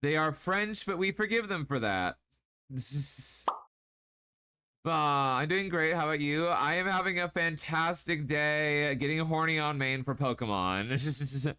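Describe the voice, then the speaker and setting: A man's voice: fairly high pitch, sharp tone, clean tone. A man hosting a live stream, chatting casually with viewers in a playful, teasing way with frequent laughs. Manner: playful, giggly, teasing, drawn-out baby talk at times. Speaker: streamer host.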